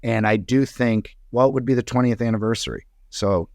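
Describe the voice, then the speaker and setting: A man telling stories as a podcast guest, wandering through fillers and restarts. His voice sits at an ordinary pitch. The sound is dry and close. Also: a little fast, gravelly, a little mellow, dry recording. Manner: rambling storyteller, many fillers. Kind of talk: casual chat.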